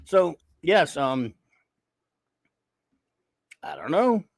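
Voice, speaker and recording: A man's voice: on the high side, huge pitch swings, very slow, vocal fry, dry recording, clean studio sound. A man in casual chat as a podcast co-host, blunt and sarcastic.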